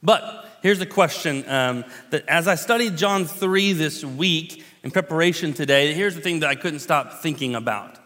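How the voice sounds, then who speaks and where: A man in his thirties, a pastor telling a personal story in a relaxed, conversational sermon with many fillers and restarts. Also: a little high, moderate pace, few pauses. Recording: long hall reverb.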